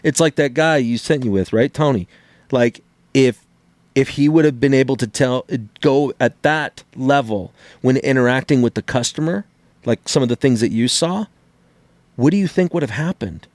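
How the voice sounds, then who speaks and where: A middle-aged man co-hosting a podcast in casual chat, an animated storyteller who acts out quotes and swears freely. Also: medium pitch, moderate pace, no echo. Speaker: podcast co-host.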